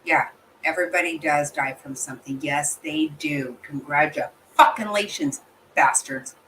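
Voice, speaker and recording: A woman with a drawl reacts to what she hears, blunt, exclaiming, and swearing often. Her voice sits on the low side. Faint ambient noise hangs behind her. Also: steady tone, normal speed, a bit bright, poor audio. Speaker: channel host reacting to a livestream guest. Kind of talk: casual reaction chat.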